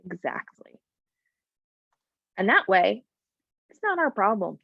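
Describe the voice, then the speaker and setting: A woman's voice: medium pitch, big pitch swings, slow, vocal fry, no echo, lo-fi sound. A woman teaching a live coding class, thinking aloud with many fillers and talking bluntly about clients. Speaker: coding bootcamp instructor.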